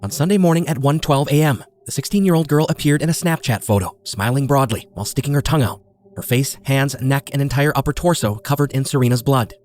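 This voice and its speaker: A man narrates true crime for a podcast in a grave, measured tone. His delivery moves quickly at a middle pitch. Each detail is laid out steadily, as a scripted reading. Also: darkish tone, a little hiss or hum.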